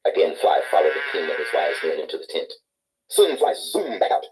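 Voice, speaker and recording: A man reading a children's picture book aloud in an expressive, animated storyteller's way. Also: extremely low pitch, brisk, rough recording.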